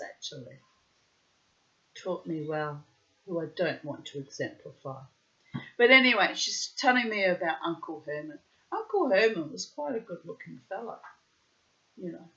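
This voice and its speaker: A middle-aged woman with a low-sitting, slightly bright voice tells a personal story, wry and dramatic, wandering into digressions and florid phrasing. The recording is dull and lo-fi.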